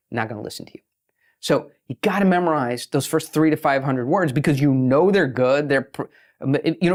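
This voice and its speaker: A man speaking as a podcast guest, brash and profane, talking in fast bursts and slowing down to stress a point. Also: on the high side, a little mellow. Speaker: guest, pitching expert. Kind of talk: podcast interview talk.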